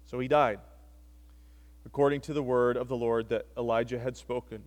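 A man preaching a sermon, retelling scripture with animated, wry storytelling asides. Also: medium pitch, normal speed. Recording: long hall reverb.

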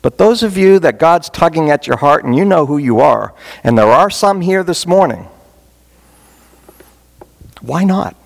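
A man with a gravelly, creaky voice preaches as a pastor from a church, leading an altar call. He talks in an earnest, folksy way, with touches of humor. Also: a little high, animated, measured pace, long pauses. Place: church sanctuary.

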